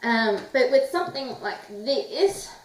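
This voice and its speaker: A woman's voice: on the high side, slow, slight background noise. Woman tutor, casual teaching voice with filler-heavy talk, recorded at a distance in a reverberant room. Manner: relaxed, chatty, frequent "um" fillers. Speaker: English tutor. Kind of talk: casual explanatory lesson. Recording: roomy echo, mic at a distance.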